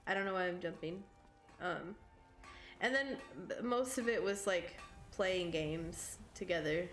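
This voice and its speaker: Her voice is fairly low and fairly bright, a little slow, and scratchy as she chats casually during a live game stream at home. She swears occasionally and laughs a lot, with game music playing behind a roomy echo.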